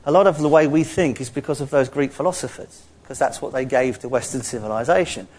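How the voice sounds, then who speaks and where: A man preaching a sermon in an animated, playful way, acting out little dialogues as he teaches. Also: medium pitch, quick pace.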